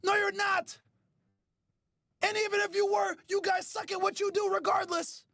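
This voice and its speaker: A man hosting a podcast, ranting loudly with profanity, often shouting and mocking others in whiny put-on voices. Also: very high voice, level tone, normal speed, no room sound, clean studio sound. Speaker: podcast host. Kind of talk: ranting commentary.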